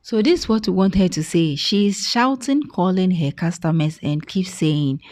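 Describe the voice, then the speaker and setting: A woman hosting a software tutorial, explaining each step in an instructive way. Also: on the low side, normal speed, no room sound. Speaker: tutorial host. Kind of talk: screen-recorded software tutorial.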